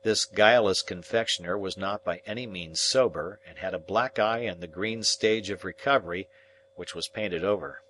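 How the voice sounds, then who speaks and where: A man narrates a classic novel in a measured, even reading. His voice sits on the low side. A steady audiobook delivery. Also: a little hiss or hum.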